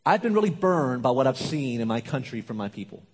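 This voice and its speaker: A man doing a smooth, guarded older dad who speaks low and confiding. The voice is husky, and a long reverb trails each line. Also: sing-song, brisk, darkish tone. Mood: measured. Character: suave older immigrant father, calm and guarded. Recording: long reverb of a large hall.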